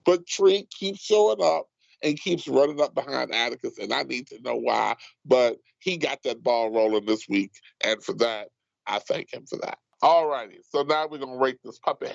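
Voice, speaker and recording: A man with a gravelly, creaky edge leads a casual recap chat, animated and emphatic. His voice comes through a dry, slightly dull podcast mic. He sounds right at home running the show. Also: medium pitch, normal speed, no echo. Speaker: podcast co-host leading the segment.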